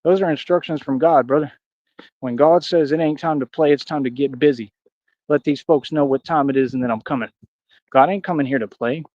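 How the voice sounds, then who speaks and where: A man's voice: on the high side, a little fast, darkish tone, dry recording, muffled recording. A man ranting casually on a livestream, rambling and aggrieved, slipping into preachy declarations. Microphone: streaming mic.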